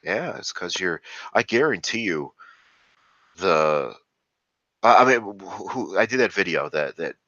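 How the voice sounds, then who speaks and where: Brief: very deep but bright-toned man ranting profanely in a casual monologue, dull lo-fi sound. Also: animated, measured pace, long pauses, no echo. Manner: profane, ranting, with frequent fillers. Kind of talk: rambling casual commentary.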